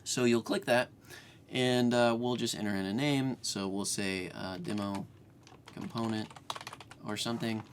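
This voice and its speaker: A man's voice: fairly low pitch, steady tone, unhurried, a little hiss or hum. A man hosting a screen-share coding tutorial, talking casually with lots of fillers and restarts, at home. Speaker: programming tutorial host.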